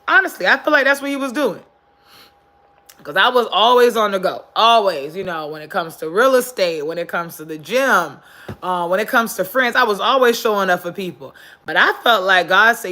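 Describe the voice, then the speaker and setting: A woman's voice: mid-range voice, expressive, moderate pace, sharp tone. A woman hosting a casual motivational live stream from her phone while sitting on the floor, earnest and preachy, repeating her points for emphasis. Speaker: livestream host. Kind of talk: casual motivational livestream talk.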